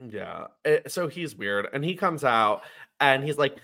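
The podcast co-host, unhurried and with noticeable vocal fry, recaps wrestling in a casual chat. His medium-pitched voice brings animated storytelling and acted-out quotes.

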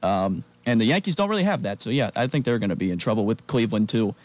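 A man co-hosting a sports talk radio show, giving emphatic, energetic opinions. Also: lowish voice, fast, dry recording.

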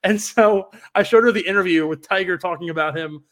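Brief: young adult man, podcast co-host, slightly high voice, loose rambling anecdotes full of restarts. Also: fairly quick, a bit bright. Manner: rambling storyteller with many fillers and restarts. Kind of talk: casual chat.

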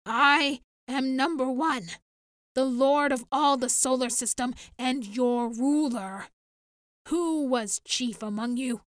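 A woman's voice: high voice, takes it slowly, dry recording, clean studio sound. A woman voicing a cold, domineering male dictator who barks orders. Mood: commanding.

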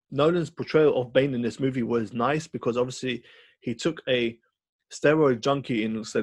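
A man co-hosting a podcast, chatting casually and rambling through an animated story with lots of fillers. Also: mid-range voice, slightly rough, no room sound. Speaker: podcast co-host. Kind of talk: casual film chat.

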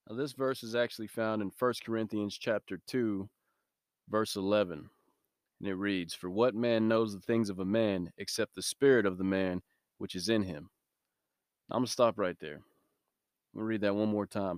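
Deep-voiced man giving a devotional talk. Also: steady tone, moderate pace, clean tone, no echo, studio quality. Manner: earnest, conversational preaching with prayer. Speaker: podcast host. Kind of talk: devotional podcast sermon.

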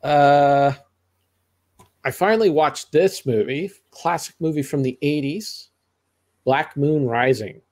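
A man's voice: a little high, slow, long pauses, a little mellow. A middle-aged man co-hosting a podcast, chatting casually about movies in a rambling way, full of restarts and asides. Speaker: podcast co-host reviewing movies. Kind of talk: casual movie-review chat.

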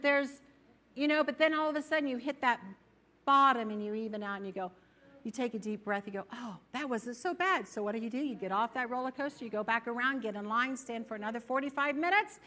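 Woman giving a sermon at church, bright higher voice, chatty and animated. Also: brisk. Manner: animated, acts out inner voices. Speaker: preacher.

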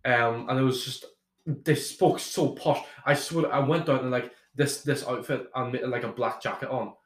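A man's voice: medium pitch, steady tone, normal speed, roomy sound. A young man from Ireland, a podcast guest telling travel stories in a rambling, casual way with lots of restarts. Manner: rambling, with many restarts and swearing. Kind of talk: casual storytelling chat.

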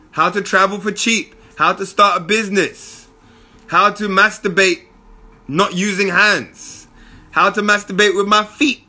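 A young man gives a casual motivational monologue, slangy and animated, full of asides. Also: high voice.

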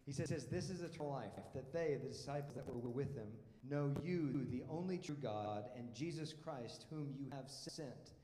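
Speaking at normal speed with hardly any pauses, this man has a mellow, mid-range voice. He's a pastor preaching casually but emphatically in a church hall, questioning the congregation and frequently repeating words as he restarts. The recording has long reverb from the echoey hall and a little hiss or hum.

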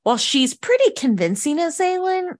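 A woman co-hosting a book read-along podcast, recapping chapters in a gushing, excitable way with frequent laughter. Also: very high-pitched, moderate pace. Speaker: podcast co-host.

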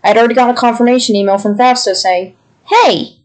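A young woman co-hosting a podcast, casually telling a story in an exasperated, animated way and mimicking the people she quotes. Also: fairly high pitch, racing. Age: young adult. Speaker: podcast co-host.

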